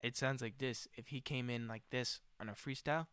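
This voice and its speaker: A young man vlogging in casual, slangy chat, with an excitable manner that swings from loud to soft. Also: medium pitch, fairly quick, clean tone. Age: young adult.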